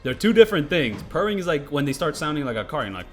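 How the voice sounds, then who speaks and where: A man's voice: a little high, sing-song, quick pace, faint music behind. A man giving casual, rambling gameplay commentary, swearing freely and filling his talk with "like" and "you know". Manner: rambling, profane, lots of fillers. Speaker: gaming commentator.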